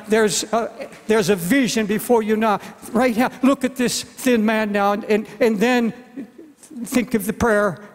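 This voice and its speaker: A man in his seventies delivers a sermon with an earnest, pleading tone, often repeating words as he presses a point. His voice sits high for a man. The sound carries a long reverb from a large hall. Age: 70s. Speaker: pastor.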